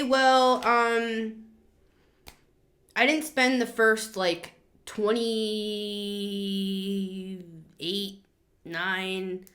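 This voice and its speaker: A woman's voice: little pitch movement, extremely slow, long pauses, fairly bright tone. A woman in her thirties giving a blunt, scolding tarot reading in a casual monologue. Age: 30s. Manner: blunt, scolding, emphatic with sudden high outbursts. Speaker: tarot reader.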